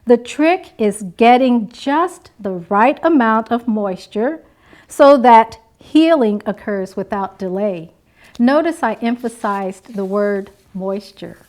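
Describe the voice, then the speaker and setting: A woman delivers a graduation address at a very slow, deliberate pace, leaning on each phrase. Her voice sits a little high, and she drills repeated refrains with emphatic weight. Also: expressive, darkish tone. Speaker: nursing instructor.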